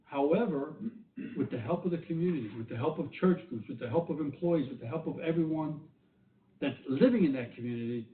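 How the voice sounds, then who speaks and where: A man's voice: fairly high pitch, a little fast. A man with a New York accent giving earnest keynote remarks at a community meeting, repeating phrases for emphasis. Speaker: government director giving keynote. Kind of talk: conference call keynote remarks. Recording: tinny phone line, echoey, far from mic, faint noise.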